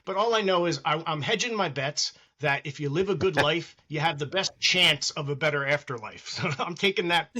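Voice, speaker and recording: A middle-aged man with a fairly high voice talks as a guest in a casual interview. His tone is bright and forceful, earnest and reflective. He acts out the voices of people he quotes. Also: expressive, a little fast, hardly any pauses. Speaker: guest wrestling trainer.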